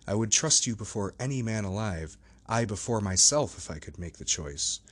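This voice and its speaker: A man reading the part of a troubled gentleman doctor who pleads earnestly and evades questions. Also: lowish voice, animated, normal speed, breathy edge. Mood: evasive.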